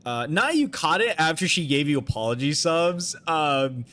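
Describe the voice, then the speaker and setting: A man's voice: fairly high pitch, very animated, normal speed, fairly bright tone. Rambling, swearing young man streamer. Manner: rambling, full of fillers and restarts, swears freely. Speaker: game streamer. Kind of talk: casual storytelling on a live stream.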